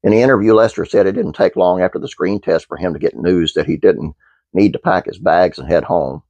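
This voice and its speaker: A man's voice: low-pitched, a little fast, vocal fry, mellow, no room sound, lo-fi sound. A man hosting his own channel, reading a trivia script aloud with fillers and restarts, then chatting casually to viewers. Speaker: channel host.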